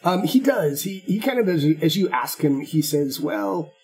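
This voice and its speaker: A man narrating as game master of a tabletop game, halting and repeating words as he goes. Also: fairly high pitch, lively intonation, a little mellow, slightly rough.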